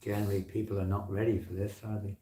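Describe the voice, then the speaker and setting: A man's voice: fairly low pitch, flat delivery, fast, warm tone, a little hiss or hum. A man giving a chatty, anecdote-filled talk at a temple, telling stories in an easygoing way. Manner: anecdotal, chatty, acts out quoted people. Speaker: temple speaker. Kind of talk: informal spiritual talk. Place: temple hall. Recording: echoey temple hall.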